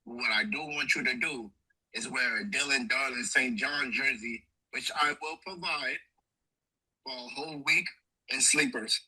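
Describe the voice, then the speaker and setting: A man's voice: mid-range voice, moderate pace, sharp tone, breathy edge, low-quality recording. A man from New York City with a thick New York accent, leaving a brash, challenging voice message for a podcast. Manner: brash, challenging street talk. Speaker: caller leaving a voice note. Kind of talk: casual voice message.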